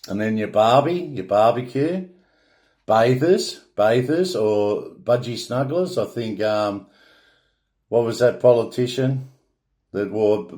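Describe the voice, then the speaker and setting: An Australian man talking in a loose, rambling monologue, blunt and opinionated, with swearing and frequent restarts. His voice is mellow and darkish, sitting at an ordinary male pitch. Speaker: vlogger.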